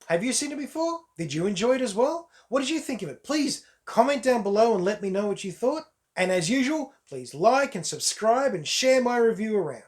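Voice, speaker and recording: A man's voice: sits high, sing-song, brisk. A man, chatting through a casual solo film review to his viewers, emphatic and repeating words for stress. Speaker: movie reviewer.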